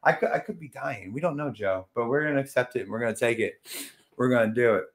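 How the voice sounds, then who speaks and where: A young man hosting a casual podcast chat, loud and brash, swearing freely. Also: medium pitch, fast. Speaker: podcast host.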